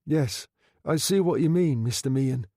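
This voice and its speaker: A man's voice: medium pitch, moderate pace, warm tone, no echo, studio quality, voice pushed up, lightly acted. A man voicing a nervous, frightened undertaker who speaks anxiously and stammers, in an audiobook reading.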